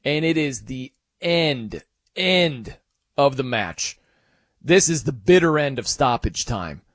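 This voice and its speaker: A man's voice: medium pitch, slow, no echo, studio quality. A man hosting a sports radio show, telling a match story in casual talk and acting out quotes in other voices. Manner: animated, acts out quotes in shifting voices.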